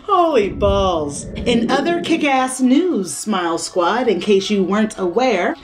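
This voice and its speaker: A woman's voice: mid-range voice, lively intonation, unhurried, background noise. A young woman chatting casually on her vlog, brash and playful, swearing freely and laughing often. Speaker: vlogger.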